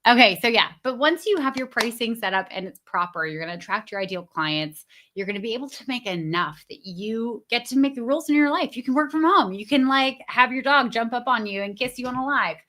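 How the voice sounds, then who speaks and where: Bright, chatty woman coaching on a livestream. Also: a little high, fairly quick. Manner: chatty, lots of fillers and restarts; greets viewers in the chat. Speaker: business coach. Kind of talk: casual livestream talk. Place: at home.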